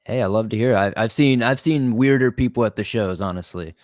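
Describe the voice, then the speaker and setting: A man's voice: mid-range voice, brisk, no echo, clean studio sound. A young man, a metal singer and podcaster, chatting easily as a guest and laughing often. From Florida. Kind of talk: casual interview chat.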